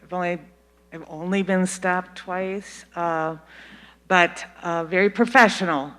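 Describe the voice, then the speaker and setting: Older speaker from Detroit, calm forum anecdote, smooth resonant voice. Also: medium pitch, a little slow. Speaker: community meeting participant. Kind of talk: public comment at a community forum. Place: meeting room.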